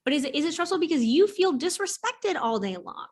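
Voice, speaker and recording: A woman hosting a casual interview podcast, a therapist who talks in an animated way, swears casually and acts out her clients' voices. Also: high voice, fairly quick.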